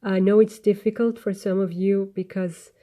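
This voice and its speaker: Mellow-voiced woman giving a tarot reading. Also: mid-range voice, flat delivery, normal speed. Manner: gentle, earnest, meandering with restarts. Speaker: tarot reader. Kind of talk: spoken tarot reading to camera.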